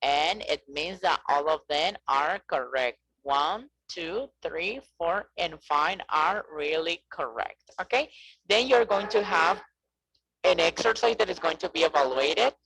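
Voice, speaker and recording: A man leads an online class over a video call, with a heavily gravelly, husky voice. His tone is bright and forceful, and he keeps checking in with a quick "okay?" while hesitating now and then on drawn-out fillers. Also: fairly high pitch, animated, poor audio. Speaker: English teacher.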